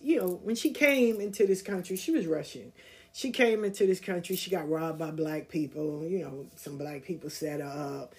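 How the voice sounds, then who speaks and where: A woman from the Southern United States hosting a podcast, telling a story and encouraging listeners in a loose, slangy way as she acts out the people she quotes. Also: medium pitch. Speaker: podcast host. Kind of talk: casual storytelling and spiritual encouragement.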